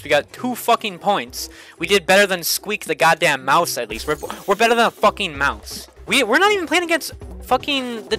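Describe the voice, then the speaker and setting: A man's voice: high-pitched, bright, forceful tone. A young man giving frustrated, swearing commentary while playing a kart racing game, repeating himself often. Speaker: gaming streamer. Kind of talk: live gameplay commentary. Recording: game music playing behind.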